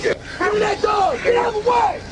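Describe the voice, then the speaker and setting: A police officer at an outdoor arrest, giving curt commanding orders, recorded by a distant dashcam. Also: male voice, very high-pitched, little pitch movement, fairly quick, shouting. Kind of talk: barked commands at an arrest scene. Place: outdoors by a roadside. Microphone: distant car dash camera. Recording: noisy dashcam audio with crowd.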